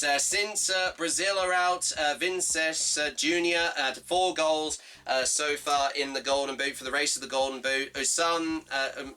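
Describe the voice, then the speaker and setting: A man presenting a casual review of football newspapers, halting with constant fillers and restarts. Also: fairly high pitch, pushed and bright, distant mic. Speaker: presenter of a fan football series.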